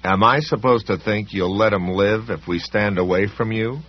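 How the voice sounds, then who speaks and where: A man voicing a defiant grown man who talks bluntly and stands his ground, with a husky voice. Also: fairly low pitch, moderate pace, natural voice. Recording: dull lo-fi recording.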